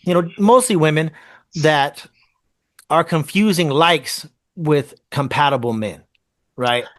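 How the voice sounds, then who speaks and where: Guy with a kinda high voice, blunt, cusses a lot, dry close sound. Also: slow, dry recording. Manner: frank, swears freely, asks rhetorical questions. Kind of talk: casual chat.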